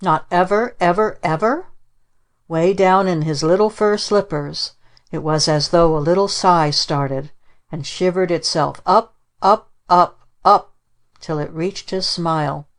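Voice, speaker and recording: A woman narrating a children's storybook in a measured way. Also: lowish voice. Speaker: audiobook narrator. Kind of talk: scripted narration.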